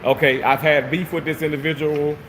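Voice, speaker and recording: A man casually venting to his viewers, animated and swearing freely, repeating himself for emphasis. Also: on the high side, a little fast, in a large hall, slight background noise. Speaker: vlogger reading live chat.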